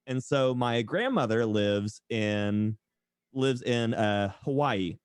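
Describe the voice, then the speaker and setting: A man's voice: mid-range voice, takes it slowly, clean tone, no room sound, studio quality. A man from East Tennessee with a faded Southern accent, a podcast guest telling sarcastic stories and acting out the people in them. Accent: Southern American, mostly faded. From East Tennessee, USA. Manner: animated storyteller, sarcastic, acts out quoted people. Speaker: podcast guest, tattoo artist and streamer. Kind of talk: casual interview storytelling.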